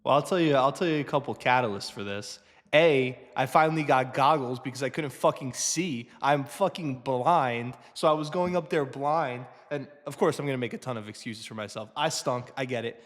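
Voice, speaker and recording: A man's voice: mid-range voice, moderate pace. Profane self-mocking young man, echoing. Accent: New Jersey. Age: 20s. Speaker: co-host. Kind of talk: casual chat.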